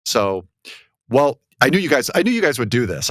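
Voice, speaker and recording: A man hosting a podcast discussion, talking casually with many fillers and lively, self-deprecating asides. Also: medium pitch, quick pace, very noisy. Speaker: podcast host.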